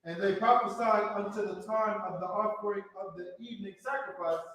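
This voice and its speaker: Man, scripture reader, halting delivery, high voice, distant, very echoey room. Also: fairly even intonation, fairly bright tone. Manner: halting, careful reading. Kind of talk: reading scripture aloud.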